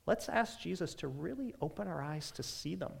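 A male pastor preaching in a relaxed, chatty way, his voice sitting a little high for a man. His pitch rises and falls freely, and he speaks in quick asides to the congregation. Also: creaky, husky. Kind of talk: sermon.

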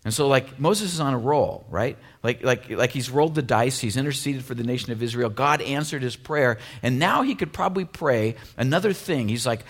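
A man preaching a casual, conversational sermon, full of fillers and lively asides. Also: mid-range voice, fairly quick, few pauses. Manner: conversational, animated, many fillers like "you know" and "like". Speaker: pastor.

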